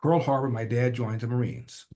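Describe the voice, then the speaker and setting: An older man, a podcast guest, telling a personal family story with animated, rhythmic repetition. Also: medium pitch, moderate pace. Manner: acts out family dialogue in changing voices.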